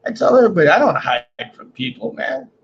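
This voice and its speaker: A man's voice: high voice, sing-song, fast talker, creaky, husky. Rambling livestreamer man with lo-fi sound. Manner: rambling, joking, often ends lines with "man". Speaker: livestream host. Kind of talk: casual livestream chat reading comments. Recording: dull lo-fi stream audio.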